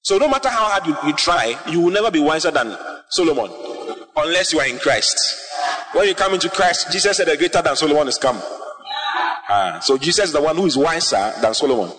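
A man preaching a sermon, impassioned, rising to shouts and sung phrases as he reads and explains scripture. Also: fairly high pitch, lively intonation, fairly quick. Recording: long hall reverb, faint music.

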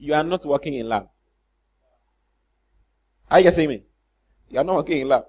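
A man preaches with a high, bright voice. He teases his listeners with rhetorical questions and slips into comic impressions of church members. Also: animated, moderate pace, husky. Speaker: pastor. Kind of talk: sermon.

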